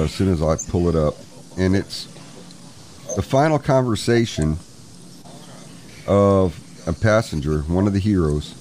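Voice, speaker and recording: A man's voice: low voice, darkish tone, slight background noise. A man hosting a live stream, talking casually and then reading a transcript aloud, stopping often with fillers. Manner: halting, with many fillers.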